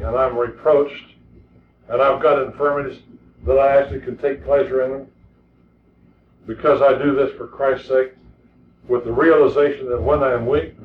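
Preaching a sermon, a man with a mid-range voice speaks earnestly and emphatically, often repeating words to press his point. The recording is lo-fi, distant, echoey and tinny, with a little hiss or hum.

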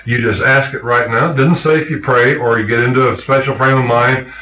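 A man's voice: mid-range voice, steady tone, a little fast, bright, forceful tone, echoey room, poor audio. A man preaching a sermon, emphatic and questioning his congregation.

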